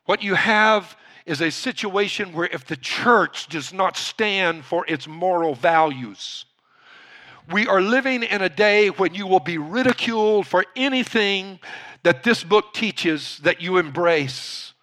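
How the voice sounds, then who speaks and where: A male pastor preaching a sermon, slowing down to stress key points and building up to shouting. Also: high voice, expressive. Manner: emphatic, builds from quiet to shouting; slows down to stress key words.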